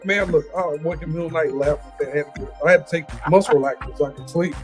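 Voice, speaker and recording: A man on a morning show telling a story in easy, casual talk, his voice a little higher than most men's. He chuckles as he goes, and soft music plays behind him. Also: quick pace.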